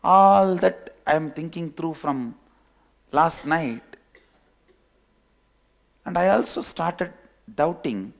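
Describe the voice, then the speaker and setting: A man, a spiritual teacher telling a parable in a sermon, unhurried and soft-spoken. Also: on the high side, creaky. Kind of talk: sermon with storytelling.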